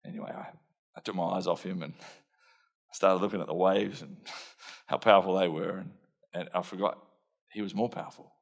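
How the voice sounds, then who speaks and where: An Australian man preaching a dramatised sermon, playing an impulsive, blunt fisherman disciple who tells his story in first person with earnest warmth and self-mocking humour. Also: low-pitched, fairly even intonation, a little fast, vocal fry, pauses often. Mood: lively storytelling.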